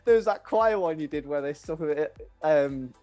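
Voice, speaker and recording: A man's voice: fairly high pitch, expressive, normal speed, darkish tone, faint music behind. A man hosting a podcast in a casual chat, laughing often and calling his guest brother. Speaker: podcast host.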